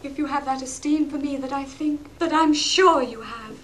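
A woman's voice: high voice, normal speed, fairly bright tone, a little hiss or hum. An actress playing a genteel young lady who pleads earnestly in refined speech, in a 1960s stage play recording. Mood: pleading.

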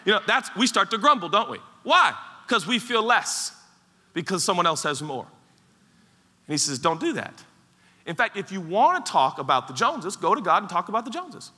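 A man preaching a sermon as pastor, animated and playful, acting out mock voices as he goes. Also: high-pitched, moderate pace, slightly rough. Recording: large hall with long reverb.

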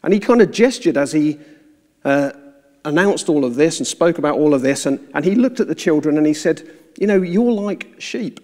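A man preaching a sermon, telling a story in a measured, earnest way before moving into the sermon itself. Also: fairly high pitch, expressive, darkish tone. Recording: reverberant hall sound.

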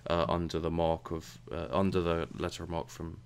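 A man's voice: deep voice, flat delivery, a little fast, gravelly, faint music behind. A man giving casual commentary while playing and reviewing a game, rambling and often tripping over and repeating his words. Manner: rambling, stumbles and repeats words, mutters asides.

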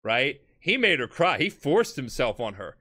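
A tipsy man hosting a podcast, telling a story in a casual, profane way and jumping into shouted character voices. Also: mid-range voice, sing-song, normal speed. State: drunk. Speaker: podcast host.

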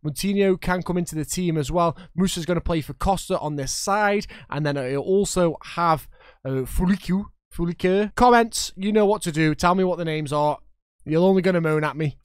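A man's voice: a little high, brisk, clear, resonant tone, no room sound, studio quality. A young man commentating his own football video game match, getting worked up at referees and chatting to his viewers. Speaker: gaming YouTuber.

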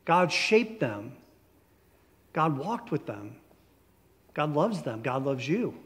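Male pastor, slightly high voice, easy conversational preaching that slows for key lines; long church reverb. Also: very animated. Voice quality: conversational, warm storytelling delivery with slow emphatic phrases. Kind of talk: sermon. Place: church sanctuary.

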